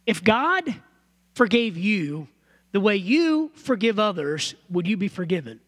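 A man preaching a sermon as pastor in a church, earnest and animated, often repeating phrases. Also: high voice, measured pace.

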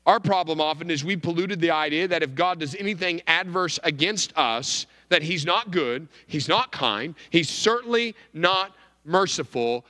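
A male pastor giving a sermon, emphatic, with wide swings in pitch and volume. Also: moderate pace, sharp tone, in a large hall.

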